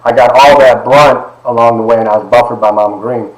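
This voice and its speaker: A man in his forties from Ohio, United States, lectures in an echoey classroom with a steady, mid-range voice at a slightly fast pace. He recounts a candid personal story to the class in an emphatic, conversational manner, often adding asides.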